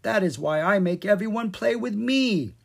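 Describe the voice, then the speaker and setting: A reader voicing a small, excitable fairy boy in a children's audiobook, who speaks of himself by name and demands constant play. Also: medium pitch, moderate pace, gravelly, pitched above the performer's own voice. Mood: playful, curious. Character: excitable male fairy child, self-absorbed, loves play.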